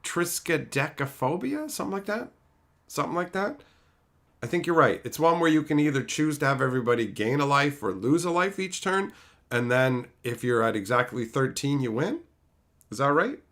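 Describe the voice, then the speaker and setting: A man with a voice on the high side hosts a live stream at a normal speed, chatting casually and reading viewers' names from chat aloud. He's animated and swears freely.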